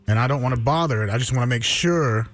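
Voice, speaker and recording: A man's voice: medium pitch, quick pace, soft background music. A man in casual radio banter, sounding laid-back and a little defensive.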